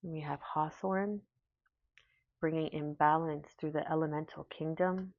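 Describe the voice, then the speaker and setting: A woman giving a spiritual tarot reading in a soft, slow, emotional and affirming way. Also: sits low, steady tone, slight background noise. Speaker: tarot reader. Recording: dull, lo-fi sound.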